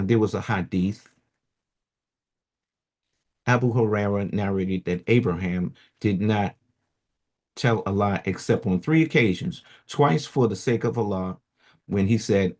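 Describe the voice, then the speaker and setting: Husky man reading aloud casually. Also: on the low side, darkish tone. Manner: loose, chatty asides with many fillers. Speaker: radio host reading and commenting.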